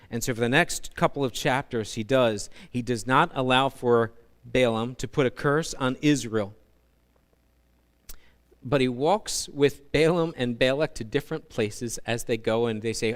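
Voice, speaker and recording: Brief: male pastor, animated storytelling sermon, smooth resonant voice. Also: medium pitch, unhurried. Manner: animated storytelling with humorous asides.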